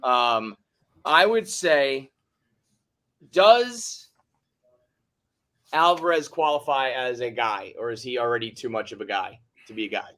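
A man co-hosting a casual sports podcast, halting and repeating himself as he thinks aloud. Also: mid-range voice. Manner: halting, repeats himself, gets loud when hyped. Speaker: podcast co-host.

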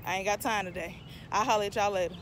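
Casting note: North Carolina mom vlogger in her thirties, mid-pitched, talkative, irritated. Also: fairly even intonation, quick pace, noisy background. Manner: talkative, irritated venting, addresses viewers as y'all. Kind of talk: chatty vlog talk to camera. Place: parked car, then inside a store.

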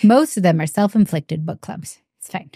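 Chatty woman podcast co-host, mellow voice. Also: lowish voice, normal speed, creaky, husky, dry recording, clean studio sound. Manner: chatty, lots of fillers and quoted asides. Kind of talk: casual chat.

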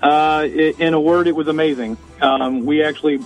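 A man's voice: on the high side, steady tone, normal speed, faint music behind, poor audio. A man appearing as a guest, giving an earnest, slightly hesitant testimonial with fillers. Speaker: guest in a sponsor segment. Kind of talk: friendly testimonial.

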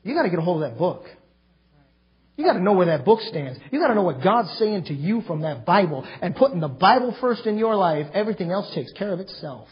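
Husky high-voiced pastor guy preaching hard in church, kinda muffled lo-fi recording. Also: sing-song, brisk. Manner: emphatic preaching with sudden loud outbursts. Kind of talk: sermon.

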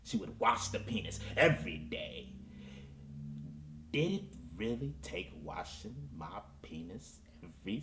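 Man doing a self-pitying male soul crooner, comedy monologue, melodramatic, pleading, very low voice, echoey room. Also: fairly bright tone, full character voice. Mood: rambling, boastful. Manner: melodramatic, pleading, addresses the audience, drops to whispers.

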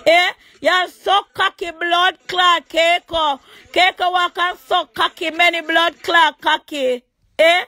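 High-voiced Jamaican woman ranting crudely. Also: flat delivery, slow, no room sound, faint music behind. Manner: crude, taunting, repeats insults and shouts. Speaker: livestream host. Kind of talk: angry livestream rant. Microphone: phone.

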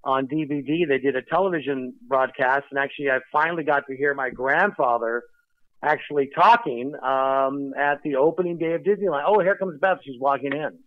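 A man guesting on a podcast over speakerphone, chatty and rambling, talking a bit fast and with a slight lisp from dental work. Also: medium pitch, no echo. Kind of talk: casual chat over speakerphone. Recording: dull speakerphone line.

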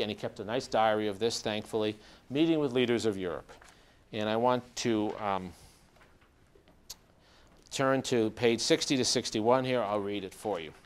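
A man giving a lecture in a plain, mid-pitched voice. He reads passages from a diary to his listeners and breaks off to add short explanations. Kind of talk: lecture with reading aloud.

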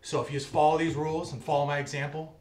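A man's voice: on the high side, flat delivery, quick pace. A man earnestly lecturing a film crew about prop gun safety, checking in with them as he goes. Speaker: prop master giving a safety talk. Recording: far-off echoey room with faint noise.

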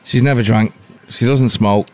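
A man's voice: medium pitch, steady tone, normal speed, darkish tone. A man from Manchester telling stories in a dry, wry, casual way, often swearing, as a podcast guest. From Manchester, England. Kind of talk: casual chat.

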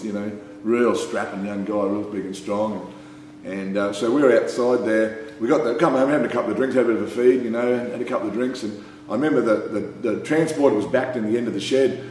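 An Australian man tells a loose, rambling story at an ordinary pitch, peppering it with "mate" and laughing at his own tale. His voice bounces around a strongly echoing room, with a faint hum underneath. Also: a little mellow. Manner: rambling, laughing, full of "you know" and "mate". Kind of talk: casual anecdote.

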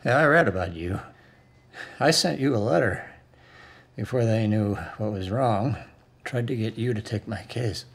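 A husky dying professor. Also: male voice, lowish voice, moderate pace, long pauses. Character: dying male classics professor, proud, bitter. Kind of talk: TV drama acting.

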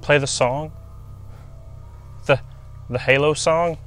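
A man's voice: a little high, fairly even intonation, slow, a bit bright, soft background music. A man acting in a comedy skit, talking in a playful, self-mocking way. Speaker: YouTube creator acting in a skit.

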